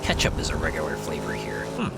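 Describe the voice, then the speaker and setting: A man's voice: a bass voice, huge pitch swings, fast talker. A man who streams as a VTuber, chatting casually and rambling with lots of fillers while he plays a game. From United States. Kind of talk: casual chat while gaming. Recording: loud racing game music and engine noise behind. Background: game music and race car sounds.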